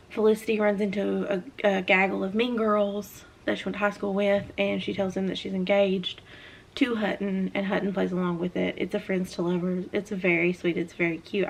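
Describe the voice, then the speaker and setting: Young Southern woman, casual book chatter, gravelly edge, mid pitch. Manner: chatty, animated hand talker with many fillers. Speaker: book reviewer. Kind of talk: casual chat.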